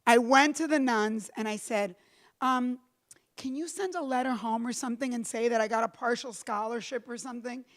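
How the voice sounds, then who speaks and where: A middle-aged woman giving a storytelling talk to a live audience, animated, acting out the voices she quotes and slipping in Spanish phrases. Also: on the high side, normal speed. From Cuba. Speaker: keynote speaker. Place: lecture room with a live audience.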